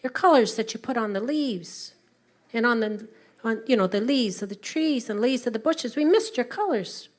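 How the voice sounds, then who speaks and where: A woman storyteller voicing a humble, earnest male farmer who speaks haltingly and a little high. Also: animated, close to an everyday voice.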